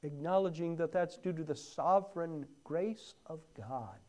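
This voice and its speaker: Slow, lively-pitched preacher man. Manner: emphatic swells on key words, dropping to near-whispers. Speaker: pastor. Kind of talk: sermon.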